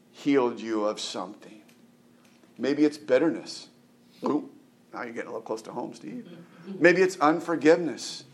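A middle-aged man preaching in a loose, conversational way, with a voice of ordinary middle pitch. He tosses "right?" at his listeners and stumbles over repeated words. He leaps up high to stress a point. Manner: keeps asking "right?", restarts and repeats words; animated, jumps up in pitch for emphasis. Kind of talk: conversational sermon.

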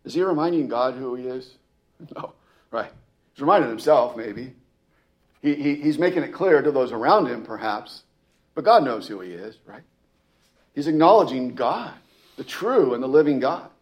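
A man's voice: medium pitch, expressive, moderate pace. A man reading scripture aloud with emphasis and explaining it in a conversational way, often asking "right?" and restarting his phrases. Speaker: Bible teacher. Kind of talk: scripture reading with casual commentary.

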